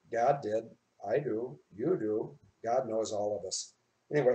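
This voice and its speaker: A man hosts an online show from his office in a loose, rambling chat. He is heartfelt and keeps stopping to spell out names. His voice sits at an ordinary mid pitch. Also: moderate pace, warm tone. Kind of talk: rambling live-stream chat.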